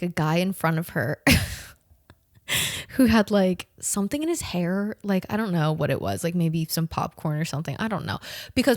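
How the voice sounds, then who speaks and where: A young woman in her twenties from the southern United States, telling a story in a casual, animated, profane way, full of slang and "like". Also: lowish voice, no echo, clean studio sound. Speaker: podcast host.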